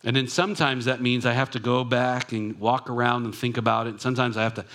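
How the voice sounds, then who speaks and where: A man's voice: mid-range voice, steady tone, fast, fairly bright tone. Conversational male pastor preaching. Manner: conversational, reflective, with personal asides. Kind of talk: sermon.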